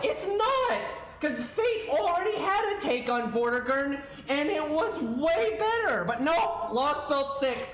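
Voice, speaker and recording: Ranting streamer in a roomy echo. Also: high voice. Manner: ranting, swearing, exasperated, stammering restarts. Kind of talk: livestream rant.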